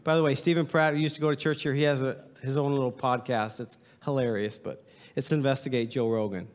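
A man's voice: medium pitch, steady tone, fairly quick, in a large hall. A male pastor giving a humorous sermon to his congregation, joking and reading aloud with mock drama. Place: church sanctuary.

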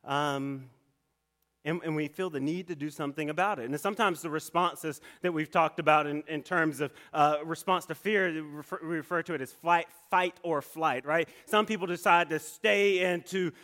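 A man telling a personal story in a sermon, animated, with many restarts and asides. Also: fairly high pitch, normal speed.

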